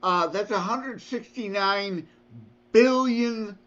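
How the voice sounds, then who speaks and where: A man co-hosting a podcast, thinking through figures out loud in casual chat. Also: high voice, takes it slowly. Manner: reasoning aloud through numbers. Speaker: podcast co-host. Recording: dull lo-fi audio.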